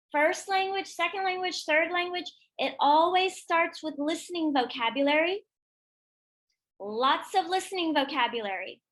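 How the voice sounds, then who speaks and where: A woman's voice: high voice, a bit bright. A woman giving a professional development talk to teachers, demonstrating classroom vocabulary routines and call-outs. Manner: models classroom chants and call-outs with bursts of energy. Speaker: teacher trainer.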